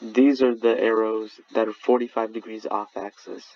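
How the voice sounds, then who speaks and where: A man's voice: on the low side, level tone, moderate pace. A young man, a student, walks through his lab report in a recorded slide presentation, often restarting words and correcting himself. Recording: dull lo-fi audio with faint background noise.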